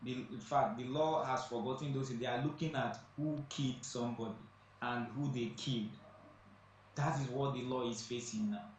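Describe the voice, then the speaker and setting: A man's voice: mid-range voice, steady tone, normal speed. A man speaking as a guest on a studio talk show, emphatic and repeating phrases for stress. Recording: echoey distant room mic, faint noise.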